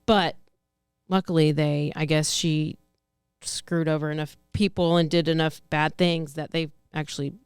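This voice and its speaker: A woman's voice: low-pitched, flat delivery, unhurried, clean tone, no room sound, faint music behind. A woman co-hosting a podcast, chatting casually about true-crime news in a rambling, self-correcting way. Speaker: podcast co-host.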